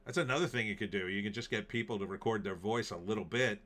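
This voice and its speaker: A male host talks through the news in a loose, sarcastic ramble, with lots of fillers along the way. His voice sits on the lower side. It is bright and forceful. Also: quick pace. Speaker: show host. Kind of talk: casual political and movie commentary.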